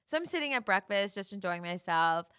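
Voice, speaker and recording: A young woman hosting a solo podcast, telling a personal dating story in a chatty, animated way and acting out the dialogue. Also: mid-range voice, brisk, clean tone, no echo, studio quality. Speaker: podcast host.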